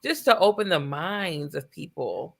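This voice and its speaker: A woman's voice: sits low, expressive, a little slow, gravelly. A woman co-hosting a casual podcast chat, playful and teasing as she puts questions to her co-hosts. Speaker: podcast co-host.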